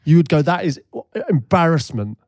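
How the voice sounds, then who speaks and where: Bloke rambling, defensive, jokey, dry close mic. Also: male voice, a little high, lively intonation, moderate pace, darkish tone, no room sound. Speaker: podcast co-host. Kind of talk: casual chat.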